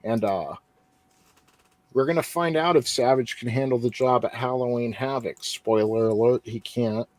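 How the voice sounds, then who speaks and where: A man's voice: mid-range voice, normal speed, a little mellow, no echo. Chill guy running down wrestling results on a podcast, dry close sound. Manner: laid-back, reads results with asides and fillers. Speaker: podcast host. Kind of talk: casual recap of wrestling shows.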